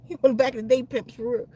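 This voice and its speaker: Woman w a high voice spilling a wild personal story, slangy, keeps restarting words. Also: mellow, slightly rough. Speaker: channel host.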